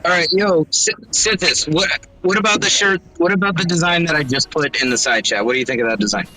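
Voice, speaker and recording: A man in a casual group chat, animated and emphatic, swearing for emphasis. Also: on the high side, fast talker, slight background noise, rough recording. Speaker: guest on a stream.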